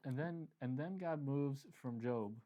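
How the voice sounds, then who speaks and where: A man's voice: mid-range voice, unhurried, noisy background. A man co-hosting a podcast, adding short remarks and chapter numbers to a casual Bible study chat. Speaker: podcast co-host.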